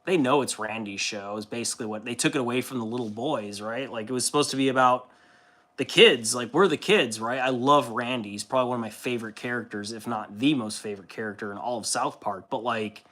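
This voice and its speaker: A man's voice: mid-range voice, fairly quick, a bit bright. A man streaming casually while painting, rambling in a laid-back way and swearing freely.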